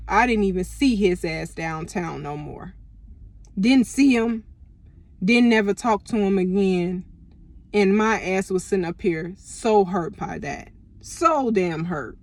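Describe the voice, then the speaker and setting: A young woman casually telling a personal story to camera, animated and full of profanity and slang. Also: mid-range voice, no echo. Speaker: storytime vlogger.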